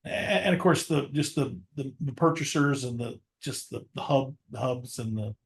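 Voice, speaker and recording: A man who leads an insurance agency, speaking as a guest in a relaxed podcast chat with stammering restarts. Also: medium pitch, normal speed, gravelly. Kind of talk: casual podcast conversation.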